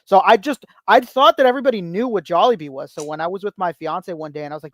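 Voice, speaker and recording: A man's voice: high-pitched, fast, hardly any pauses. A man guesting on a podcast, telling stories in casual chat, acting out quotes and swearing freely. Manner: animated storyteller, swears freely, acts out quotes.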